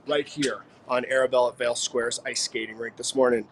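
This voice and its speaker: Guy doing a jokey live morning show bit out at a rink, kinda high voice. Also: moderate pace, a bit bright, a little hiss or hum. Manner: playful, jokey, addresses passersby. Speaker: morning show co-host reporting on location. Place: outdoors at a quiet ice rink.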